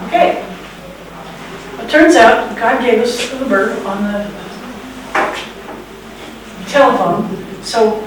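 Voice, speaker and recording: A woman in her sixties telling a true story on stage with wry, sarcastic, self-mocking humor. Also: on the high side. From United States. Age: 60s. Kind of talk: live personal storytelling. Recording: very echoey hall, distant mic, background noise.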